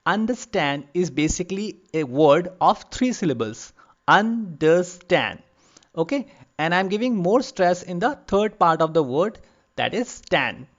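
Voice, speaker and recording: A man giving an online literature lecture, explaining patiently and repeating terms slowly for emphasis. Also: sits high, animated, muffled recording. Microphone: lavalier.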